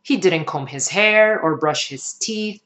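A woman reading a children's picture book aloud in an expressive storytelling manner. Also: on the low side, slow pace. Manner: expressive, sing-song storytelling.

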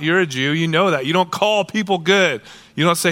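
A man preaches with a bright, forceful voice that sits a little high. He keeps his delivery casual and animated, slipping into quoted voices as he talks. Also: fairly quick. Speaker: pastor. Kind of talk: sermon.

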